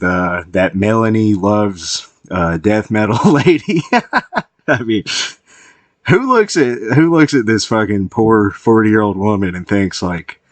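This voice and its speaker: A man giving casual, meandering commentary to his viewers, swearing often and filling pauses with "uh" and "like.". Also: fairly low pitch, no echo. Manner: profane, meandering, heavy with fillers. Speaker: YouTube commentator.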